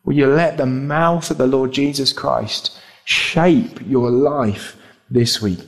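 A man's voice: mid-range voice, slow, gravelly. A man preaching a sermon in an earnest manner, building his points into rhetorical questions.

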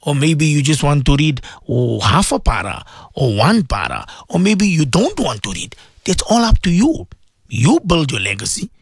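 A man's voice: a little high, sing-song, normal speed, creaky, slightly rough, no room sound. A man presenting on religious radio, preaching and pleading with his listeners, repeating himself as he talks. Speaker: radio presenter and Islamic teacher.

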